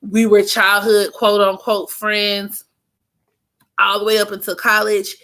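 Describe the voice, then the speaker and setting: A young woman hosting an astrology channel, telling stories in blunt, profane, animated casual chat. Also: mid-range voice, unhurried.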